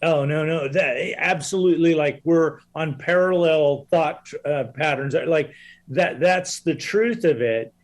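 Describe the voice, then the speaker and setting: A man's voice: a little high, unhurried. A man speaking as a podcast guest, an earnest, reflective coach who often restarts his sentences. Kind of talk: casual conversation.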